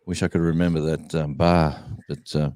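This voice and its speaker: A man's voice: a bass voice, flat delivery, normal speed, a little mellow, no room sound. A man with an Australian accent telling a rambling story in a casual chat, full of fillers and restarts. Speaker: guest musician.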